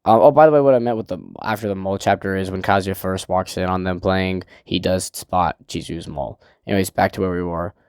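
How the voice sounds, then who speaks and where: A man's voice: sits low, fairly even intonation, brisk, few pauses, darkish tone, smooth, dry recording, studio quality. A young man reviewing a manga chapter in a casual, rambling recap, with swearing and laughter.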